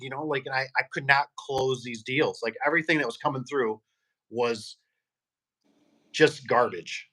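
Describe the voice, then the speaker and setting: A man's voice: mid-range voice, steady tone, normal speed, sharp tone. A man, a garage door business owner, chatting casually and rambling through stories while acting out the people he quotes. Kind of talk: casual podcast chat.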